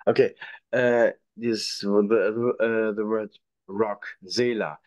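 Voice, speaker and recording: A man with a German accent asks his questions slowly and haltingly. His voice sits low and the pace drags. The sound is dry and close. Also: fairly even intonation, darkish tone, no room sound, dull audio. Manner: hesitant, halting with many fillers. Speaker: student. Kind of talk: class discussion. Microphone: video call.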